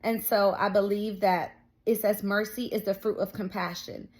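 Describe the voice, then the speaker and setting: A young woman talking straight to her viewers as she shares a personal faith testimony. She tells it casually, fills it with "like" and "um", and acts out what everyone said. Her voice sits at an everyday middle pitch. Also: little pitch movement, normal speed. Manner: storytelling with many fillers, quoting others. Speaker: faith vlogger.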